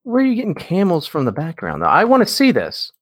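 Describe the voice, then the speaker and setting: A man's voice: on the high side, huge pitch swings, fast talker, no echo. A man co-hosting a casual podcast, joking around and hesitating with many fillers. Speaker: co-host.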